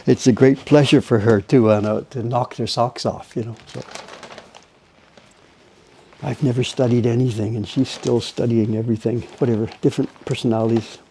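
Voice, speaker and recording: Gravelly older man chatting while working. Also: mid-range voice, steady tone, normal speed, dark tone, a little hiss or hum. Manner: rambling, self-correcting, chatty. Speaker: printmaker streaming live. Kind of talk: casual live-stream chat while working.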